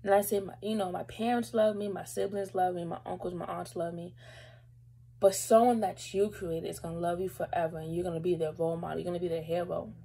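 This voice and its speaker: A young woman vlogger tells a personal story to camera, rambling casually with lots of fillers and holding back tears at times. Her voice is on the low side, creaky, warm, and husky, with fairly even intonation and a brisk pace. The audio is poor.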